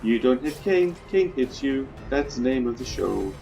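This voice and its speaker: A man's voice: mid-range voice, expressive, moderate pace, gravelly, warm tone, soft background music. A man casually commenting on his own gameplay, chatty, swearing freely and talking through his plans. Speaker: video game let's player.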